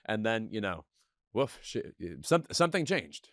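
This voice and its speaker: A man co-hosting a podcast in casual, campy, quick-witted banter, also reading ads. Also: lowish voice, very animated, no echo, clean studio sound. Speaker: podcast co-host. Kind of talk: casual chat and ad reads.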